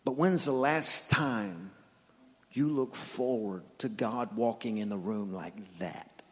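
A man who is a pastor, preaching a sermon in an animated storytelling manner that moves from playful to earnest. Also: lowish voice, slow, long reverb tail.

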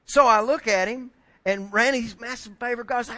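A middle-aged man preaching a sermon, telling a story with lively acted-out quotes and building to shouted points. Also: extremely high pitch, brisk. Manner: animated storyteller acting out quoted voices, rising to shouts. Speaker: pastor.

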